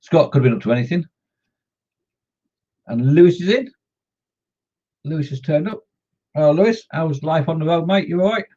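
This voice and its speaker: A man's voice: a little high, normal speed, pauses often, warm tone, dull audio. A man chatting casually on a scale-modelling live stream, greeting viewers by name and joking as he works.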